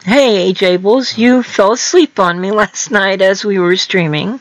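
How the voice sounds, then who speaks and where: A woman hosts a casual livestream news show, reading articles and quotes aloud, chatting with guests, laughing often and saying um frequently. Her voice is medium-pitched and unhurried, and the recording is dry with poor audio.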